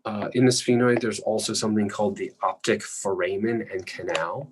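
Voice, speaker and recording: A male lecturer explaining anatomy patiently while drawing, often clearing his throat. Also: fairly low pitch, normal speed, background noise.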